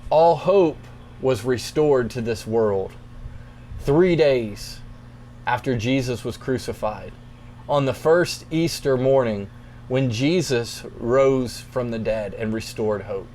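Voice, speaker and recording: A young man, a youth pastor, reading scripture and then explaining it in a relaxed, conversational devotional talk. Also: medium pitch, slow pace, a little hiss or hum. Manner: relaxed, conversational, plainspoken encouragement.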